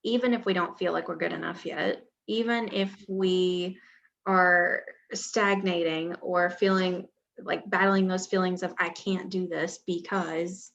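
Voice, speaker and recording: Earnest woman with a gravelly voice. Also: fairly low pitch. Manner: earnest and reflective, with bursts of excitement. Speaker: podcast co-host. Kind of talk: casual podcast chat. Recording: dull lo-fi audio.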